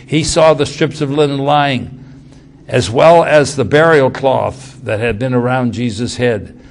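A male preacher reading scripture aloud and commenting on it, swinging from loud, urgent passages to hushed ones. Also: mid-range voice, unhurried, slight background noise. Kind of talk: sermon.

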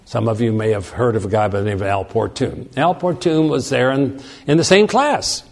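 Delivering a sermon, a man shares a personal story that pokes fun at himself. He speaks at a moderate pace in a mid-range voice, animated and lively, often restarting his sentences.

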